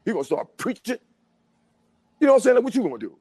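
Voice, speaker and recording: Fast-talking animated New man. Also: very high-pitched, slightly rough, dry recording. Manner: fast, animated street talk, repeats "you know what I'm saying". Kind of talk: casual chat.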